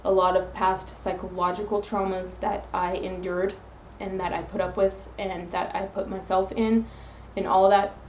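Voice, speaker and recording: A woman's voice: medium pitch, little pitch movement, moderate pace, hardly any pauses, darkish tone, reverberant, a little hiss or hum, poor audio. A woman hosting her own podcast alone, talking earnestly into her phone and rambling through self-affirmations. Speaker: podcast host. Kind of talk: solo podcast monologue.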